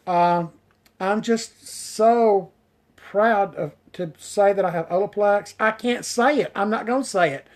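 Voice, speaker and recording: A male hairstylist with a high voice speaks at a measured pace on a casual live stream, responding to what viewers write. He rambles eagerly, fills gaps with "you know," and trips over hard words.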